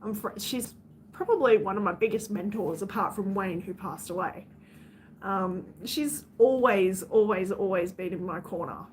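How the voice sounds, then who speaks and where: A woman's voice: medium pitch, moderate pace, slight background noise. An Australian woman chatting casually on her livestream, venting bluntly to her viewers and swearing freely.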